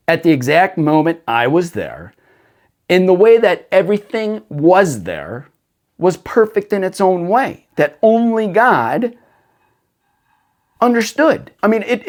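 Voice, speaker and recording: A man hosting a faith talk show, telling a casual story in a relaxed way, with lots of "dude" and "like". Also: sits high. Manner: laid-back, full of "dude" and "like". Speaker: faith podcast host.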